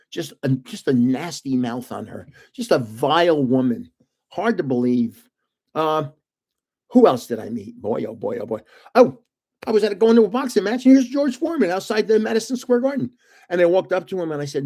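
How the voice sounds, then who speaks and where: A man's voice: high-pitched, very animated, brisk, darkish tone. Chatty older man telling stories. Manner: chatty, laughs often, drifts from story to story. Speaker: host of a live card-opening stream. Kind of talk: rambling storytelling on a live stream.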